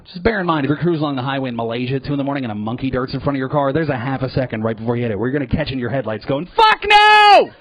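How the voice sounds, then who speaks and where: A man working a comedy club stage, talking in an average-pitched voice that swings between loose storytelling and sudden loud outbursts, with plenty of swearing. The live recording sounds dull and lo-fi, as if picked up from a stage mic. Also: rapid-fire, hardly any pauses. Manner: profane, animated, jumps into loud put-on voices. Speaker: stand-up comedian. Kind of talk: live stand-up routine.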